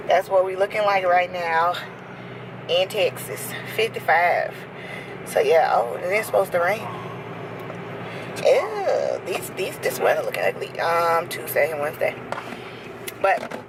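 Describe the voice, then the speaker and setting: Thirties woman vlogging in the car, chatty and lively, mid pitch, road noise the whole time. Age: 30s. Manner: chatty, animated, quick to laugh. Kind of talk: casual chat to camera. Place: passenger seat of a moving car.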